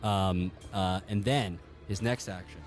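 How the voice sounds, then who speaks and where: A man's voice: deep voice, unhurried, over music. A man narrating as game master in a tabletop game, telling the story in a vivid, profane and jokey way.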